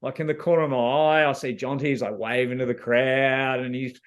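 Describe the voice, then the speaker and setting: An Australian man recounts his time as a reality show contestant in a relaxed, slang-filled ramble. His pitch sits in an ordinary middle range. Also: moderate pace. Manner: laid-back, slangy storytelling with many fillers. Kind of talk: casual interview answers.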